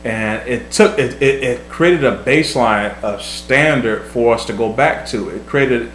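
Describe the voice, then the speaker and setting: A man's voice: mid-range voice, measured pace, fairly bright tone. Earnest man in an echoey room. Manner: earnest, repeats words while thinking. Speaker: vlog host, husband. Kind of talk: casual advice talk. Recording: echoey room, faint hum.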